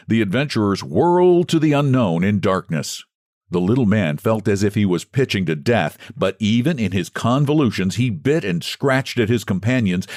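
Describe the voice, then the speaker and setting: Man, deep voice, lively up-and-down reading, story narration, dry close sound. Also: dry recording. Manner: expressive storytelling delivery. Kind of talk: reading a classic short story aloud.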